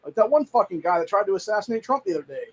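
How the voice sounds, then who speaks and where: Husky-voiced man ranting profanely. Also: high voice, animated, rapid-fire, poor audio. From United States. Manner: profane, heated, rambling with frequent "dude". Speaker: show host. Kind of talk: casual political rant.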